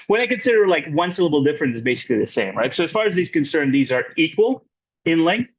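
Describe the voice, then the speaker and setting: A man leading a poetry writing workshop, talking animatedly and often checking in with the group. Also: fast. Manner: checks in with frequent "right?" tags; animated, pitch jumping up and down. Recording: muffled lo-fi recording.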